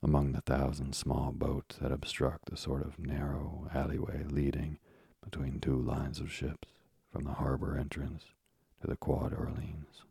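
A man narrating an audiobook in a measured, steady manner. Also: a bass voice, vocal fry, breathy edge, no echo, clean studio sound.

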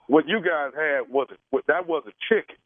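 A man's voice: on the high side, moderate pace. A man making a prank phone call as a radio host, talking in a hesitant, rambling, apologetic way. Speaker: radio prank caller posing as caterer. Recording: tinny dry phone line.

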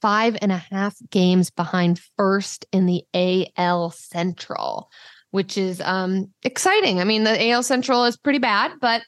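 A woman co-hosting a sports podcast, chatting casually and telling stories in an animated way. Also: medium pitch, a little slow. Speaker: podcast co-host.

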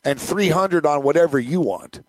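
A man's voice: fairly high pitch, lively intonation, moderate pace, no room sound, lightly acted, low-quality recording. A man voicing a friendly Australian bar patron while retelling a story on a podcast.

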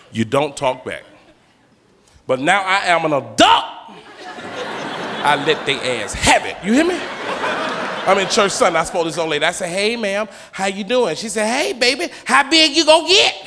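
A man's voice: sits high, moderate pace, background noise. A man performing a stand-up comedy set, telling stories and acting out voices on a club stage. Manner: animated storytelling, acting out voices. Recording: live club recording, long reverb, loud crowd.

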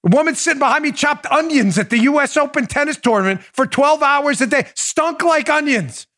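A man's voice: very high-pitched, animated, a little fast. A middle-aged man hosting a political show, ranting bluntly and profanely and hammering the same short commands again and again. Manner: shouting, repetitive, blunt and profane. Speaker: political podcast host.

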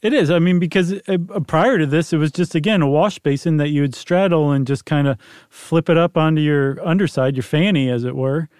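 A man co-hosts a casual podcast. His voice is rather high but warm and dark. He explains things in a playful, wry, rambling way, and the sound is dry and close. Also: fairly quick, clean tone, no room sound. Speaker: podcast co-host. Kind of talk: casual chat.

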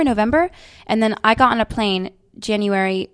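A woman's voice: fairly high pitch, normal speed, no room sound. Bubbly young woman, slight British lilt. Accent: slight British inflection. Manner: bubbly, animated storytelling with laughs. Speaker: guest, stage actress. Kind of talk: casual interview chat.

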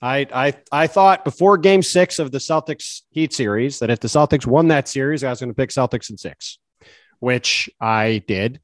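A man's voice: mid-range voice, moderate pace, no echo. Wry male sports reporter. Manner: wry, teasing. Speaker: podcast co-host, reporter. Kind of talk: casual sports chat.

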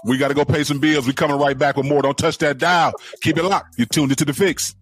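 A man co-hosting a radio talk show, chiming in with quick agreement and sending it to a break. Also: a little high, fairly even intonation, slightly rough, no room sound, faint music behind. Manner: quick affirming interjections. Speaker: co-host.

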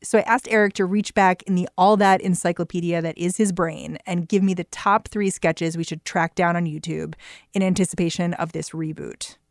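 Lower-voiced woman podcast host. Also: fairly even intonation, moderate pace, dry recording, clean studio sound. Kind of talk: scripted interview narration.

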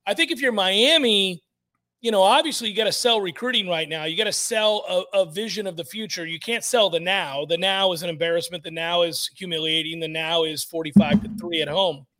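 Man, sports radio host, high voice, emphatic, blunt. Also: brisk, sharp tone. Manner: emphatic, blunt, repeats for effect.

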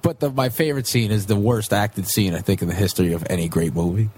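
A man in his twenties, a comedian guest, telling animated stories in casual podcast chat and slipping into quick impressions. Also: fairly low pitch, breathy edge. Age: 20s.

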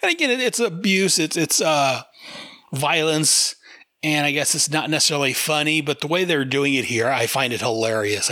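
A man's voice: mid-range voice, bright, forceful tone, no room sound, studio quality. A man hosting a podcast, chatting casually as he reviews a comic book and laughs often.

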